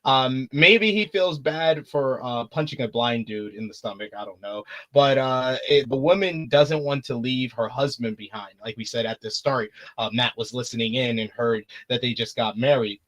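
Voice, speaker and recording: A man's voice: medium pitch, moderate pace, few pauses, a bit bright. A man hosting a casual review show, recapping the plot in a laid-back way with frequent fillers. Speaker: host.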